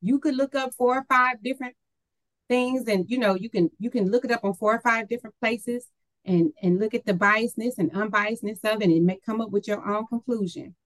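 A woman's voice: on the high side, fairly quick, dry recording, rough recording. A woman in her forties co-hosting a casual discussion show, blunt and emphatic, her voice rising when she stresses a point. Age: 40s. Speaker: podcast co-host.

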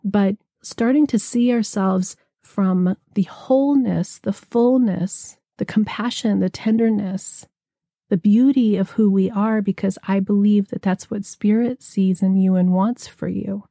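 A woman giving a gentle, reflective spiritual talk, slowing down to linger on lists of words. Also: medium pitch, fairly even intonation, gravelly, no echo, clean studio sound.

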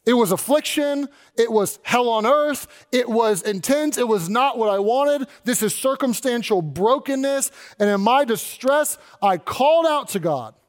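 A man, the pastor, preaching an animated sermon and acting out quoted voices along the way. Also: very high-pitched, unhurried, few pauses.

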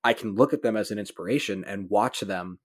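A man hosting a casual podcast chat about tabletop games, talking in an animated, emphatic way and swearing now and then. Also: lowish voice, fairly quick, dry recording, clean studio sound. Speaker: podcast host.

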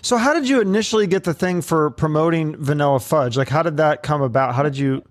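A man hosting an interview, introducing his guest and asking questions in a brisk, conversational way. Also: fairly high pitch, no room sound, studio quality. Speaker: podcast host. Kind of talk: casual interview.

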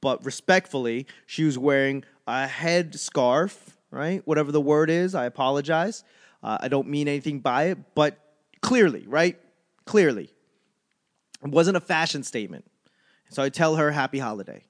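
A man performing stand-up comedy in a loose, ranting monologue. His voice sits a bit high for a man, and he talks in animated bursts broken up by fillers and restarts. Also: moderate pace.

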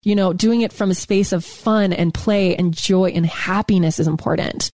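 A woman's voice: mid-range voice, fairly even intonation, normal speed, darkish tone, no echo. A woman co-hosting a podcast in casual chat, emphatic and fond of repeating her key words. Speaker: podcast co-host.

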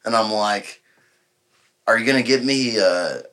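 On a podcast, this man rambles through a bar story in a lowish, slightly bright voice at an unhurried pace. He plays the other characters' dialogue himself and laughs a lot along the way.

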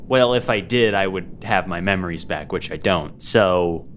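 A man's voice: low-pitched, moderate pace, slight background noise. A man playing in a tabletop game, talking in a laid-back, jokey way. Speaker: player. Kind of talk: casual tabletop game play.

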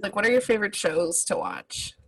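A woman's voice: mid-range voice, wildly swooping pitch, brisk, crowd noise, rough recording. A woman co-hosting a podcast in casual chat, talking with many fillers and restarts. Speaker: podcast co-host.

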